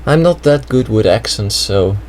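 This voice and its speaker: This gameplay commentator talks through a replay in a lowish, expressive, darkish voice at moderate speed. Casual and chatty, he thinks aloud with frequent "well"s despite slight throat trouble, on a rough recording with some hiss or hum.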